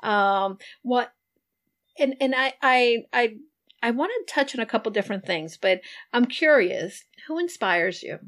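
A woman hosting an interview in casual chat, encouraging and quick to affirm her guest. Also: fairly high pitch, animated, a bit bright. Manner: encouraging, with frequent backchannel. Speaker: interview host.

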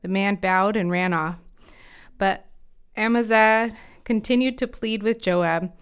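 Woman with a very clear reading voice. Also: medium pitch, slow. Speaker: Bible reader. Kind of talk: scripture reading.

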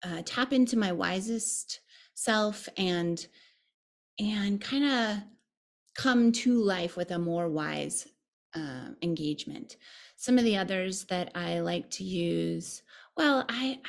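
A woman meditation teacher, a podcast guest, speaking in a reflective, gentle and thoughtful way. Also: medium pitch, gravelly. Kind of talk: podcast conversation.

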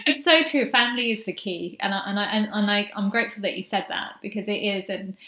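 A woman hosting an interview, encouraging and warm, laughing often. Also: medium pitch, fairly even intonation, quick pace. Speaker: podcast host. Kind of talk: casual interview chat. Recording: roomy echoey sound.

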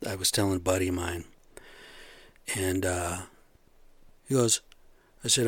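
Angry profane man, fairly low voice, dry close sound, sarcastic rant. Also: fairly even intonation, moderate pace, long pauses, no room sound. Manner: angry, sarcastic, profane, drifting between loud outbursts and muttering. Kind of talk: profane ranting monologue.

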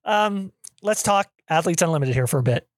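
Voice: medium pitch, expressive, moderate pace, dry recording, clean studio sound. A podcast host asking questions in a casual interview, enthusiastic and rambling, full of exclamations.

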